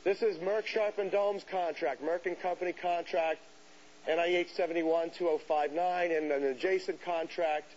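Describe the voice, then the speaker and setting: A man giving a lecture to an audience, telling a story in an animated way and acting out the voices of people he quotes. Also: fairly high pitch, normal speed. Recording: dull hissy lecture recording.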